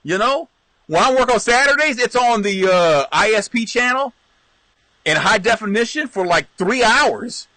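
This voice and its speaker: Lively, bright-voiced middle-aged man reminiscing. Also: high voice, moderate pace, no echo. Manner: rambling, lively, laughs often, restarts a lot. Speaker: live stream host. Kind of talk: casual chat, reminiscing.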